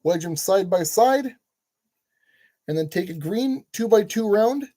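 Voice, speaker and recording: A man's voice: high-pitched, lively intonation, a little slow, dark tone. A man hosting a casual build tutorial, chatty and jokey, talking to himself as he works. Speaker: channel host giving building instructions.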